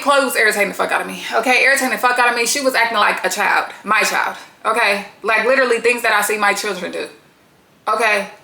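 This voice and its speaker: A woman's voice: a little high, gravelly, reverberant. A woman giving a casual reality TV recap, talking bluntly, swearing freely and often breaking into laughter. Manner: blunt, profane, frequent laughter; chatty, slangy and animated.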